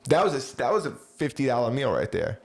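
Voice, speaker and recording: A man's voice: medium pitch, big pitch swings, a little fast, gravelly, slightly rough. A man co-hosting a podcast in casual chat, chiming in with short replies and laughs. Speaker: podcast co-host.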